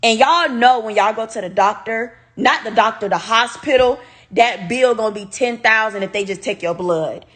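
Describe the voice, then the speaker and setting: A young woman speaking tells a personal story on a livestream. She talks straight to her viewers in a casual, animated way, swearing freely. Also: a little high, moderate pace.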